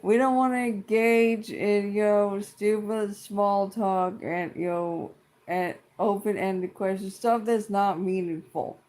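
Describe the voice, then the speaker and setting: A middle-aged speaker venting in a casual vlog rant, blunt and exasperated, with constant swearing and lots of repetition. The delivery is slow and drawn out, and the pitch sits in a middle range. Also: fairly even intonation, darkish tone. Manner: blunt and exasperated, heavy swearing, repeats itself. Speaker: vlogger. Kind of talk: casual profane rant to camera.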